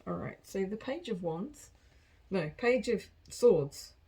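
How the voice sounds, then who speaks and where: A woman's voice: medium pitch, lively intonation, slow pace, noisy background. A woman giving a casual collective tarot reading, chatty and rambling, often laughing at herself. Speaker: tarot card reader.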